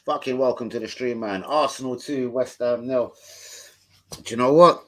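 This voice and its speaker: A man's voice: medium pitch, normal speed. A young man, swearing and rambling in casual slang as he chats on a live stream from home into his phone. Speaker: football fan streamer.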